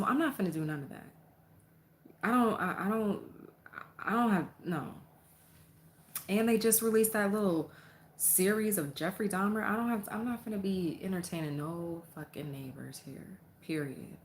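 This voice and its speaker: A young adult woman vlogging a casual storytime from her apartment, animated and profane as she tells it. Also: medium pitch, unhurried, long pauses, slight background noise.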